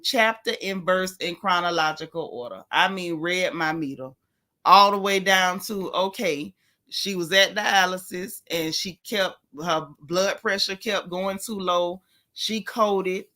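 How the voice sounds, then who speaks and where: A woman hosting a casual livestream, talking frankly and warmly about faith and loss while greeting viewers by name. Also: medium pitch. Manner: chatty, greets viewers by name between thoughts; frank, heartfelt, faith-filled talk. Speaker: livestream host.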